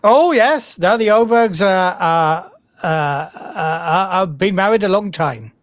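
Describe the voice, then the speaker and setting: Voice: medium pitch, lively intonation, unhurried, no room sound. A game master from the United Kingdom narrating a tabletop role-playing game, hesitant and full of fillers. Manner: hesitant, filler-heavy, self-deprecating.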